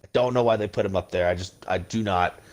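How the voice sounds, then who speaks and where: A man's voice: low-pitched, fast, darkish tone. A man hosting a podcast, ranting casually and bluntly about politics with plenty of swearing. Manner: blunt, profane, heated. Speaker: podcast host.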